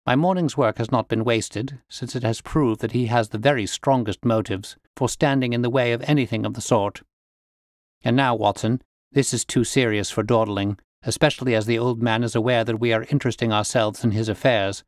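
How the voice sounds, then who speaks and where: A man's voice: mid-range voice, steady tone, fairly quick, no room sound, studio quality, natural voice. A man doing an unflappable, dryly witty detective. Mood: cool. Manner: cool, bland, dryly amused.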